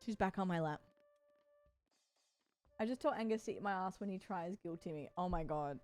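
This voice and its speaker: A woman's voice: fairly low pitch, moderate pace, a little mellow, faint music behind. A tired woman streamer chatting casually with her live chat and cooing to her cat between remarks.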